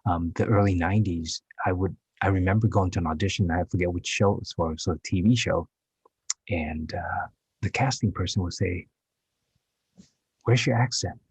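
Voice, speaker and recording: Husky low-voiced man in his fifties. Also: a little mellow, dry recording. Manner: halting and reflective, with many restarts. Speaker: guest actor. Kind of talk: candid interview storytelling.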